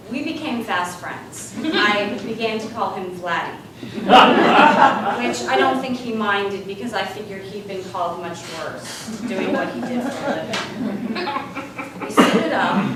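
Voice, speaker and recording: A woman giving a humorous storytelling speech as a guest speaker, with animated comic timing. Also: medium pitch, background noise. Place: large hall with live audience. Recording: echoey hall from far off. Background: room ambience and audience laughter.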